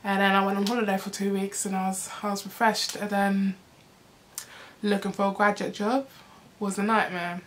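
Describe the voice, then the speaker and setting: A young woman tells a storytime to camera, casual and animated, acting out what people said and laughing often. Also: mid-range voice, normal speed, slight background noise. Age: young adult. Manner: animated, acts out quoted voices, frequent laughs and "like". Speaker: vlogger.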